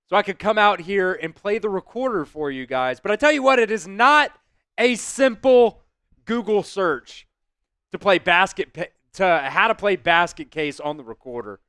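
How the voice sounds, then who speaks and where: A man hosting a live stream, chatting with viewers and shouting excited play-by-play football calls. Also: high-pitched, moderate pace, clear, resonant tone, dry recording, clean studio sound.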